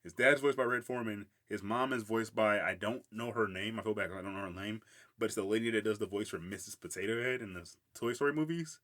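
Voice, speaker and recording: A man's voice: fairly low pitch, fast, fairly bright tone. A man hosting a casual solo podcast, rambling about a cartoon with lots of filler words and frequent laughs. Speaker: podcast host.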